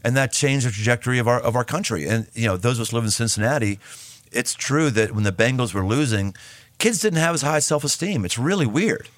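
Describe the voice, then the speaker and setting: A man's voice: medium pitch, expressive, brisk, a bit bright, no echo. A man in his fifties, a podcast host talking as the guest, speaking emphatically and often repeating and restarting his words. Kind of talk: casual podcast conversation.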